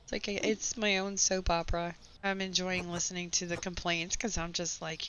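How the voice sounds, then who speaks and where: A woman, hoarse with her voice nearly gone, chatting and venting sarcastically while playing a game. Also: lowish voice, flat delivery, normal speed, fairly bright tone. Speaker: gaming channel host. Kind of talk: casual gameplay chat with storytelling. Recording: slightly dull home recording with faint background noise.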